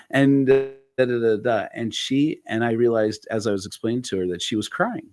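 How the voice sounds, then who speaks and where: A man's voice: mid-range voice, a little fast, hardly any pauses, darkish tone, no room sound, studio quality. A man hosting a podcast, telling a story in casual conversation with lots of fillers and restarts. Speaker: podcast host.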